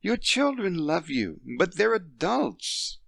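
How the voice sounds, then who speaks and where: A man voicing a poised French wife near fifty, patient and gently reasoning with her husband. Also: sits high, very animated, slow, creaky, no room sound, studio quality, voice pushed up, exaggerated voice. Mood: firm.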